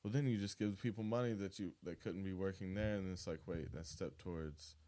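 A man's voice: sits low, a little fast, dark tone. A man co-hosting a podcast in casual, rambling, self-deprecating chat. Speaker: podcast co-host.

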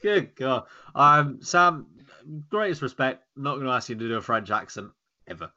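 A man's voice: medium pitch, big pitch swings, moderate pace, sharp tone, dull audio. A man hosting a podcast, chatting casually in a wry, joking way. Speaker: podcast host. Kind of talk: casual chat.

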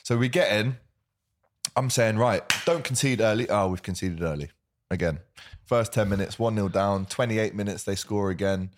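A man with a Liverpool accent hosting a casual football chat show, reading out viewer comments and giving shout-outs. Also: lowish voice, moderate pace. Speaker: podcast host.

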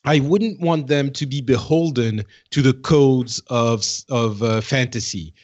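A man's voice: mid-range voice, measured pace, darkish tone, lo-fi sound. A man co-hosting a gaming podcast, thinking aloud in a hesitant, searching way. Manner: thoughtful, hesitant, many restarts. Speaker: podcast co-host. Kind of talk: casual chat.

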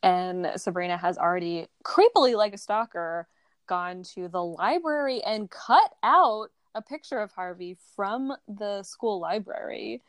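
A woman casually chatting about a comic on a podcast, animated and acting out the characters' lines in quick voices. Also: mid-range voice, no echo, clean studio sound. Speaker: podcast co-host. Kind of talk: casual chat recapping a comic.

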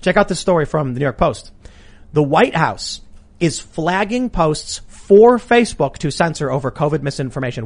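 Guy hosting a podcast, fired up and arguing, kinda higher voice. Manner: animated, argumentative, quick asides. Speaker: podcast host. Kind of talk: casual political talk.

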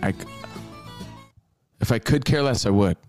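Excitable man co-hosting a radio talk show. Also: on the low side, moderate pace, soft background music. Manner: excitable, loud when acting out quotes. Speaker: co-host. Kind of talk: casual radio chat.

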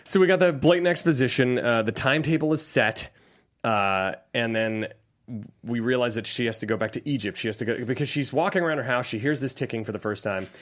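A man's voice: mid-range voice, brisk. A man co-hosting a casual podcast, breaking down a movie with laughs and jokey asides. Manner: animated, laughing, jokey impressions. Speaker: podcast co-host.

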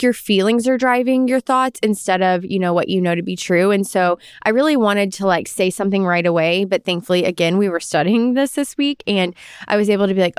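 A woman's voice: medium pitch, clean tone, no room sound, clean studio sound. A young woman co-hosting a casual faith podcast, telling reflective personal stories. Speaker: podcast co-host.

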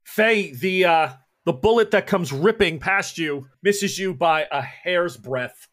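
Bright-voiced guy game-mastering a horror tabletop game, jokey, laughs a lot. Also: sits high, expressive, slow pace. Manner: laughing, joking asides.

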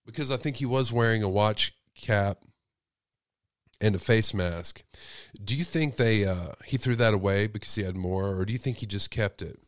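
A man's voice: fairly low pitch, normal speed, no echo, clean studio sound. Sick man hosting a call-in show. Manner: speculative, asks rhetorical questions. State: sick with a cold. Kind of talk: casual call-in show talk.

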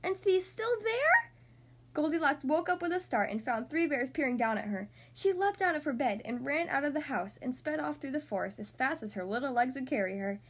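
Woman, storybook reading for kids, high voice, very lively delivery. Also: fairly quick, few pauses, husky. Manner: expressive, animated. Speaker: podcast host reading to children.

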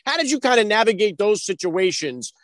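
A man's voice: sits high, sing-song, brisk, dry recording. A man hosting a podcast, asking long, chatty, rambling questions. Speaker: podcast host. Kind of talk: interview questions.

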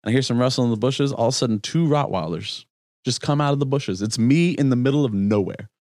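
Casual co-host, a man with a mid-range voice, animated storyteller, dry close mic. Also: mid-range voice, quick pace, dry recording. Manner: animated storyteller, laughs often. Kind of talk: casual chat.

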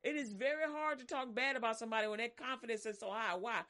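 A woman preaching, her voice a touch high. She is animated and dramatic, swings between loud, soaring lines and soft, low ones, and acts out voices as she goes. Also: fast talker. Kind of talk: sermon.

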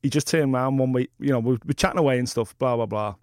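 A man's voice: medium pitch, fast talker, dry recording, studio quality. A man co-hosting a podcast, telling a long rambling anecdote with swearing and laughter. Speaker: podcast co-host. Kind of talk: casual storytelling chat.

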